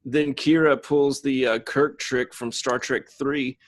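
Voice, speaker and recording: A man co-hosting a podcast, recapping a show episode with crude jokes and quick voices for the characters. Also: medium pitch, fairly even intonation. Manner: jokey, acts out characters in quick asides. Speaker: podcast co-host.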